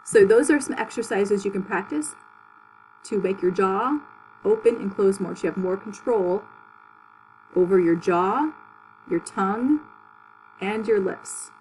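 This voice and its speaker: A woman teaches public speaking in an unhurried, deliberate way, giving plain instructions and sounding out drill syllables with big, exaggerated mouth movements. Her voice sits in a middle register. A faint hum runs underneath the recording. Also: mid-range voice, animated, a little mellow, rough recording. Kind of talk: online class lesson with articulation drills.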